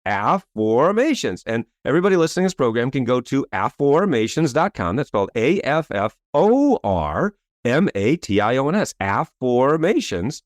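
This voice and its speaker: A man's voice: mid-range voice, normal speed, no echo, clean studio sound. A man in his fifties, a coach and author telling a story as a guest in a podcast interview, emphatic and salesy, often tagging his points with a rhetorical question. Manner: animated, tags points with rhetorical "right?".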